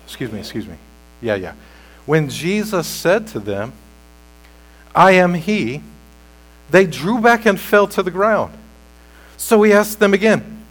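Male pastor, sermon delivery, unhurried and measured, fairly high voice, builds to big emphatic climaxes. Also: poor audio. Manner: slow, deliberate preaching that swells to loud emphatic peaks. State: sweating.

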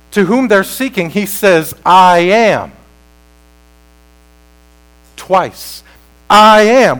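Slow, deliberate preacher with a raised pitch. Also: male voice, low-quality recording. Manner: slow, deliberate preaching that swells to loud emphatic peaks. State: sweating. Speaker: pastor. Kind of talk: sermon.

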